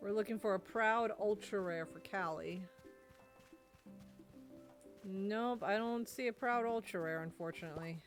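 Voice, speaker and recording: A woman's voice: medium pitch, a little slow, pauses often, soft background music. A woman live-streaming a game, chatting casually and answering her chat. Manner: chatty, reads and answers chat messages aloud.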